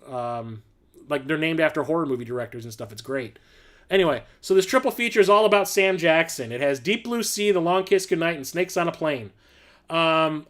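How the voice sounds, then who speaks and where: A man's voice: fairly high pitch, a bit bright. A man hosting a casual livestream, rambling enthusiastically with lots of fillers and casual swearing. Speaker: livestream host showing his film collection.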